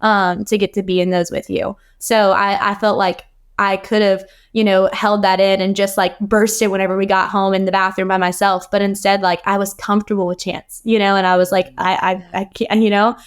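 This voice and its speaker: A woman's voice: medium pitch, flat delivery, fairly quick, clean tone. A woman guest on a podcast, talking earnestly and rambling with many fillers in casual interview conversation.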